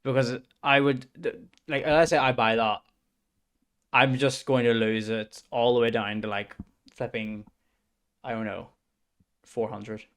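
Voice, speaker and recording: A man's voice: medium pitch, fairly even intonation, unhurried, long pauses, a bit bright, smooth. Muttering young man streaming. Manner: banters with chat, swears, mutters under his breath. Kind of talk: casual stream commentary with voice-over.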